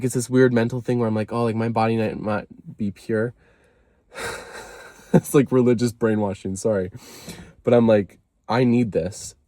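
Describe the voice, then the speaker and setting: A man's voice: medium pitch, darkish tone, dry recording, studio quality. A man talking casually to the camera in a confessional vlog, rambling, apologizing often and filling with "like". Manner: rambling, self-deprecating, full of "like" and apologies. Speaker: vlogger.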